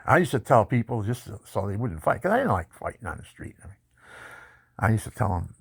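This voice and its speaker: A man telling his life story in a personal testimony, animated and boastful, laughing often. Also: lowish voice, brisk, gravelly, slightly rough, dry recording, clean studio sound.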